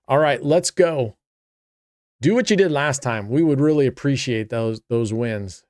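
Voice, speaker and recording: Chatty male host, smooth voice, dry close sound, casual roulette play-by-play. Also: medium pitch, expressive, measured pace, a little mellow, no echo. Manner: chatty, talks to himself and viewers.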